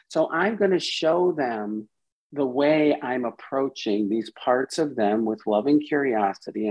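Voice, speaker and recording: A man's voice: medium pitch, breathy edge, low-quality recording. A man, a psychiatrist guest on a podcast, explaining with animation and acting out inner voices as quotes.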